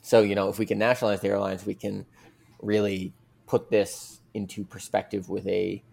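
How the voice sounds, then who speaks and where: A man talking as a podcast guest, his low voice carrying a gravelly edge. He rambles through his points with plenty of fillers, earnest and conversational. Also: little pitch movement, normal speed, darkish tone. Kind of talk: casual conversational argument.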